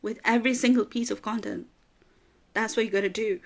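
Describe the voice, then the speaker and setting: Speaking a little high and fairly quickly, this female business coach gives a forceful pep talk full of repeated phrases. Emotion overtakes her now and then, and she laughs through her tears.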